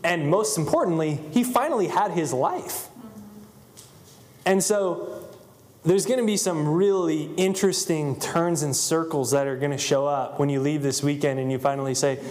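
A man's voice: a little high, moderate pace, darkish tone. A man telling a story to a live audience in a loose style, with many fillers. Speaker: motivational speaker.

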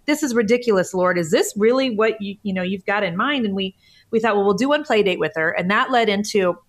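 A woman's voice: medium pitch, a little fast. A woman in her forties talks as a guest on a podcast. She tells her story with a lot of feeling and sounds close to tears. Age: 40s. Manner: emotional, tearful storytelling. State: tearful. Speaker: guest author. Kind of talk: podcast interview.

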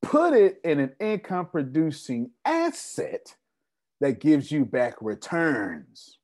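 A man's voice: fairly high pitch, huge pitch swings, slow pace, darkish tone. A man giving a business seminar to a live audience, emphatic and repetitive, often asking the crowd rhetorical questions. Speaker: business coach.

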